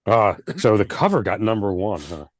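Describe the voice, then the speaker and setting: A man's voice: on the low side, big pitch swings, normal speed, no room sound, studio quality. A man co-hosting a casual album review chat, laid-back and rambling with restarts. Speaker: podcast co-host.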